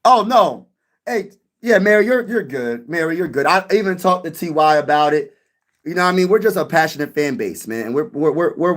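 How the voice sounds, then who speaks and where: A man hosting a casual sports live stream, chatting with viewers in an animated way and often repeating himself. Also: on the high side. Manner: animated, repeats himself, addresses chat directly.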